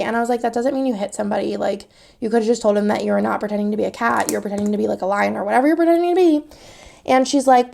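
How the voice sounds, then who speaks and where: Woman vlogger, thirties, rambling storytime chat, bright-ish pitch with gravelly fry. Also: quick pace. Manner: chatty, rambling, many fillers. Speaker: planner vlogger.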